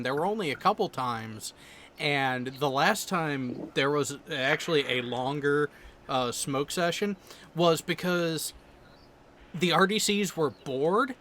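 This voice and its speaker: A man who is a navy veteran panelist, telling an anecdote in a lively, chuckling way in casual chat. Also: on the high side, slight background noise.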